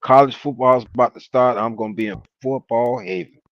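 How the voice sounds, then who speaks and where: A man chatting as a guest on a sports fan live stream, relaxed and hesitant. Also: medium pitch, a little fast, dull audio. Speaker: guest, host's brother.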